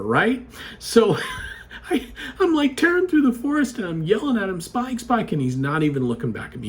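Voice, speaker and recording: A man with a slightly raised voice telling a personal story straight to the listener. He talks casually and chattily, with an animated, conversational way of retelling events and frequent asides to his audience. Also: on the high side.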